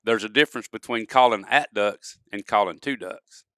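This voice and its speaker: A man's voice: on the low side, moderate pace, pushed and bright, clean tone, dry recording, studio quality. A man, a podcast guest, telling folksy stories and acting out examples in casual conversation. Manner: folksy storyteller, acts out examples. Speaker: guest, duck-calling expert. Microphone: studio podcast mic.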